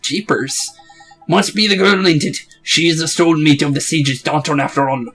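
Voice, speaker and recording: A man's voice: fairly high pitch, normal speed, fairly bright tone, faint music behind. A man voicing a chatty, cheeky male fairy companion, full of blunt, folksy slang, in a game playthrough. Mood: serious.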